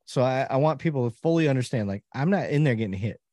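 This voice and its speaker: A middle-aged man tells a story on a podcast with lots of energy, jumping up in pitch to act out other people and stumbling through restarts. He is recorded close to the mic in a dry, dead room with no echo. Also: fast talker. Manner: animated storyteller, acts out quotes with pitch jumps and trailing restarts. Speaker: podcast guest. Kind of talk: casual storytelling.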